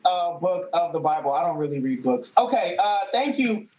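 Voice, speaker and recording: A man's voice: high-pitched, lively intonation, a little fast, hardly any pauses, a little mellow, slight background noise. A man hosting a live-streamed show, talking loosely, joking and laughing often. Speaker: host. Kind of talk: casual live-stream chat. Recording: muffled lo-fi audio.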